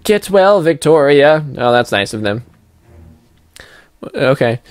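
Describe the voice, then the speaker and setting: A man's voice: a little high, big pitch swings, slow pace, clear, resonant tone, no echo, clean studio sound. A young man giving casual let's-play commentary as he plays, chatty and goofy with playful sing-song asides. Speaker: gameplay commentator.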